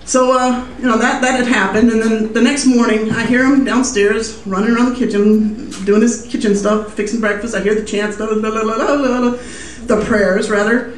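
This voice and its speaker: A woman's voice: fairly high pitch, fairly even intonation, moderate pace, distant mic, slight background noise. A woman telling a personal story live at a small music venue, chatty and self-amused, with plenty of fillers. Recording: roomy live room heard from afar.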